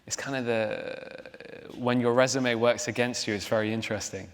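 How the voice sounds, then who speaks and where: A man's voice: medium pitch, steady tone, moderate pace. A young man, an actor guest at a live onstage interview, talking in a chatty, laughing, self-deprecating way with many restarts. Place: large theater hall, live audience. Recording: hall reverb.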